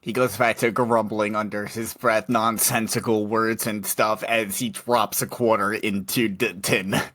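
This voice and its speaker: A player in a tabletop role-play, making dry, deadpan asides and narrating. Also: medium pitch, unhurried, no room sound.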